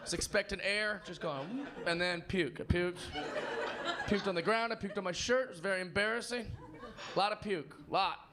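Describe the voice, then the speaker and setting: A man's voice: high-pitched, normal speed. A male stand-up comedian telling a loose story on stage and acting out the quotes. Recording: live stage with crowd laughter.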